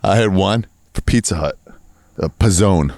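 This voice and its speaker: A middle-aged man telling stories in casual chat outdoors, animated, acting out voices and laughing often. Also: sits low, a little slow, no room sound. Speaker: comedian podcast co-host. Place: outdoors in a tobacco field.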